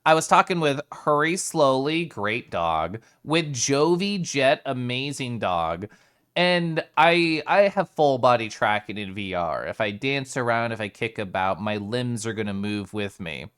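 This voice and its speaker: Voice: medium pitch, lively intonation, a little slow, fairly bright tone, clear, resonant tone. A live streamer chatting casually with viewers in a playful way, laughing often and greeting viewers by name.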